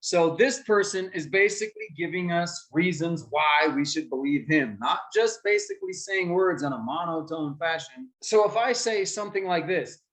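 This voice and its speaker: A man teaching a class of children how debate works, with a slightly high voice. He keeps asking his students questions and acts out short examples as he explains. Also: animated, normal speed, hardly any pauses, fairly bright tone, rough recording.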